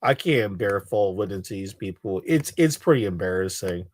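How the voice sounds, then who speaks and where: A man giving casual, halting reaction commentary on a clip, scoffing and repeating himself. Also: lowish voice, lively intonation. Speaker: reaction streamer.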